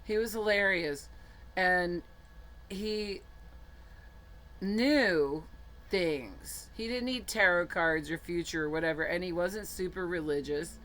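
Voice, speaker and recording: A woman's voice: fairly low pitch, slow pace, fairly bright tone. A woman telling a personal story in a frank, chatty way, laughing often and swearing casually.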